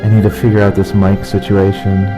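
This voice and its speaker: A man's voice: on the low side, completely flat delivery, brisk, over music, poor audio. Rambling, cussing young guy streaming. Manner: rambling, swears a lot, chuckles often. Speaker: game streamer. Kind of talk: casual chat while gaming.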